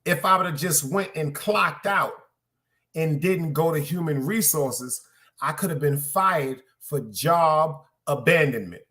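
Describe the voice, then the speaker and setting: A man ranting through a work story on his podcast, profane and animated, repeating lines for emphasis and calling out to his listeners. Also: on the high side, slow pace. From Brooklyn, New York. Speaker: podcast host. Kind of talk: casual storytelling rant.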